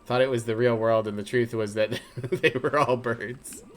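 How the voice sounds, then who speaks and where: A man's voice: medium pitch, fairly even intonation, moderate pace. A man streaming a game, joking and chatting casually, swearing now and then.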